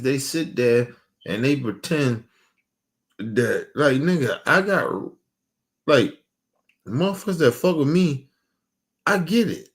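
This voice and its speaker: A man streaming an emotional, profane rant, repeating himself with heated questions and trailing off into low mutters.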